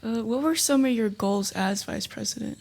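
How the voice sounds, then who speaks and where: A woman co-hosting a student podcast, shy and soft-spoken as she asks questions. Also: fairly high pitch, moderate pace, creaky. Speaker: student co-host. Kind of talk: casual podcast chat.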